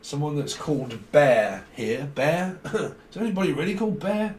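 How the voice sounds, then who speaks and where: A man's voice: fairly high pitch, big pitch swings, normal speed. A man giving a rambling tarot reading, free-associating, swearing and chuckling as he goes. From near London. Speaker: tarot reader. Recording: roomy sound, mic at a distance.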